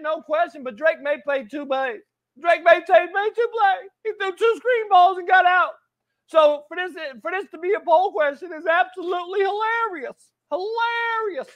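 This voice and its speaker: A man putting on a loud, high-pitched football coach voice that scolds a player and keeps calling him "son". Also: muffled recording. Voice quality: shouts and drawls "son" at the end of lines. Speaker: sports show host. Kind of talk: film-breakdown sports commentary.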